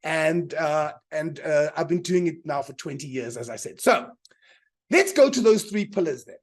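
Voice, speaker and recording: A man's voice: a little high, expressive, moderate pace. A man leading a live online motivational seminar as a mind power teacher. He talks with energy, repeats his key lines for emphasis and keeps asking the audience to answer in the chat.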